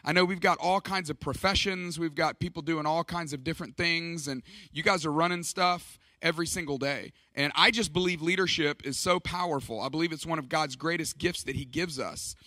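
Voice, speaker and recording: A man's voice: fairly high pitch, brisk, few pauses, pushed and bright, no room sound. A middle-aged man speaking at a church leadership conference, telling stories in an emphatic, conversational way. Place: church stage.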